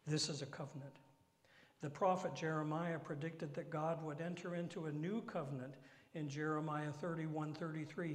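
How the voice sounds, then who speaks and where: A man preaching a sermon, with dramatic drops into whispered asides and slow emphatic phrasing. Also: fairly high pitch, steady tone. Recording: echoey hall.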